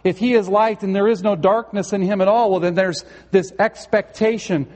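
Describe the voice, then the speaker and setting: A man's voice: high voice, fairly even intonation, normal speed, darkish tone. A male pastor preaching a sermon in a church sanctuary, earnest and conversational, with a touch of storytelling humor. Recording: long hall reverb.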